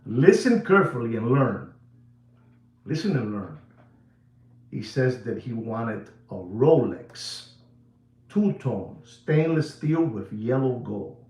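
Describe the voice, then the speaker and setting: A watch-dealer host talks straight to his viewers in a casual monologue, hammering points home by repeating words and calling out to ladies and gentlemen. He is a native Spanish speaker, and his voice bounces around an echoey room. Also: mid-range voice, sing-song. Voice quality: emphatic, repetitive, drawn-out phrasing.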